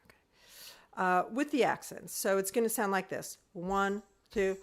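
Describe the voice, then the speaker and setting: A woman of middling pitch leads a group music lesson over a video call. She is patient and methodical, counting beats aloud and singing rhythm syllables to demonstrate. She talks at an everyday pace. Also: animated, normal speed. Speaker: music teacher.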